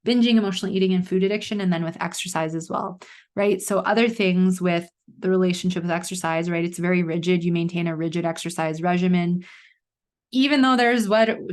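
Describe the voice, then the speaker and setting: A woman in her thirties hosting a solo podcast, telling a personal story in a chatty way with lots of fillers. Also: on the low side. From Canada. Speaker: podcast host. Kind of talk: casual solo podcast monologue.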